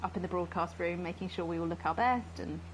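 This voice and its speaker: A woman's voice: fairly low pitch, fast, slight background noise, close to an everyday voice, rough recording. An actress playing an obsessive, posh female TV presenter who rambles through an awkward, pleading confession on air. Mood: signing off.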